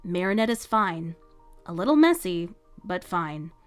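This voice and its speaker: A woman doing a gentle, caring teen boy. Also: on the low side, very animated, a little slow, clean tone, faint music behind. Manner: soft and concerned.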